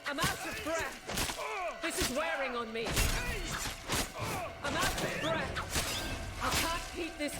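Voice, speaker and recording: A woman's voice: sits high, animated, takes it slowly, pauses often, very noisy. A woman playing a protective, stalwart guard captain in video game combat lines. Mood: straining. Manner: firm, declarative battle barks.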